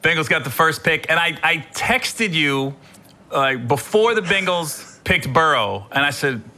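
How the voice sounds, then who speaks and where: A middle-aged man hosting a podcast, telling comedic stories in an animated, rambling way with some swearing. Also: a little high, a little slow. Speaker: podcast host. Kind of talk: comedic storytelling.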